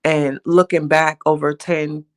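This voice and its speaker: A woman's voice: sits low, level tone, unhurried. A woman in her forties hosting a casual live stream, musing aloud in a reflective, conversational way and greeting viewers by name. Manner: peppers talk with "you know what I'm saying".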